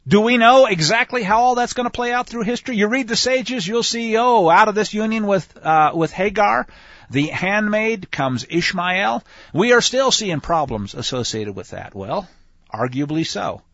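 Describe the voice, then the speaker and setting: A man teaching scripture in a conversational way, animated and speaking straight to his listeners. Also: high voice, normal speed, dry recording. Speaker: Bible teacher. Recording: dull lo-fi, dry sound.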